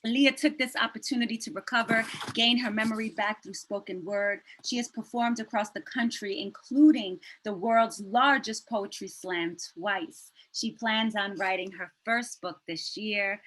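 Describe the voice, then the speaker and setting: A woman's voice: mid-range voice, a little slow, few pauses, fairly bright tone, poor audio. A woman teacher hosting a virtual poetry event over a video call, chatty and self-deprecating, laughing as she introduces the next poet. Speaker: host and teacher.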